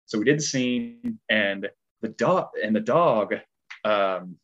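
A man working as a stunt performer tells a long story in casual chat, animated and rambling, with a twang in his speech. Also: lowish voice, slow pace, lo-fi sound. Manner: animated, rambling, heavy filler words.

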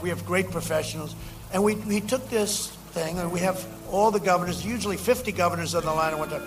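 High-pitched man rallying a crowd. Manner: rambling, repeats phrases, shouts to the crowd. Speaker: president speaking at a campaign rally. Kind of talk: campaign rally speech. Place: campaign rally.

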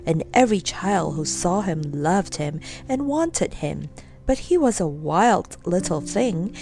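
A woman narrating a children's storybook in a gentle, expressive reading. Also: mid-range voice.

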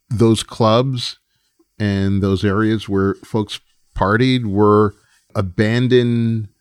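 A man, a guest in an interview, telling lively anecdotes with a laugh. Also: fairly low pitch, dry recording, studio quality. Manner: animated anecdotes, acts out quoted voices, laughs often. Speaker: guest, former record label president. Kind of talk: casual storytelling interview.

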